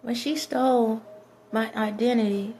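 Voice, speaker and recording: A woman's voice: on the high side, fairly even intonation, unhurried, darkish tone, soft background music. A woman vlogger talking to camera in a rambling casual monologue, repeating phrases and restarting sentences.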